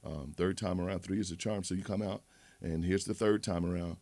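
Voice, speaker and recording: A man's voice: low-pitched, fairly even intonation, brisk, a little mellow, dry recording. A man hosting a livestream, rambling and moralizing in a casual monologue with many restarts. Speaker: livestream host.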